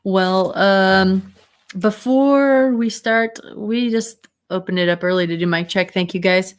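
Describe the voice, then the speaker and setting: A woman's voice: mid-range voice, slow, clean tone. A woman hosting a casual livestream chat over a video call, rambling with fillers and giggles. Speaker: host.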